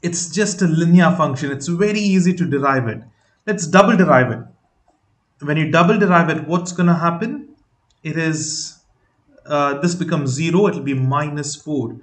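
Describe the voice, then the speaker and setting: A man's voice: fairly high pitch, normal speed, echoey room. A man teaching a math lesson step by step, patient, asking rhetorical questions and using many fillers. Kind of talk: explaining step by step.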